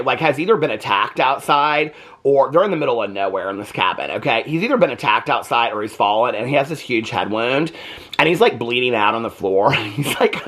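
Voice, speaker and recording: A man's voice: mid-range voice, a bit bright, slightly rough. An American man reviewing books in a casual, chatty way, often breaking into laughter. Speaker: book reviewer. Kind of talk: casual chat.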